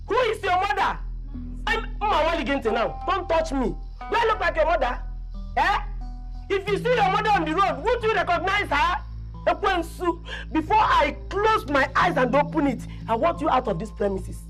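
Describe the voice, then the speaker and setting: A woman plays a fierce Nigerian mother with a high, sharp voice, who scolds and shouts orders at an unwanted visitor. She speaks with a Nigerian accent, and a film score plays faintly underneath. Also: lively intonation, normal speed, faint music behind, poor audio. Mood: angry. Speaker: actress playing a fierce mother. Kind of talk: Nollywood film drama.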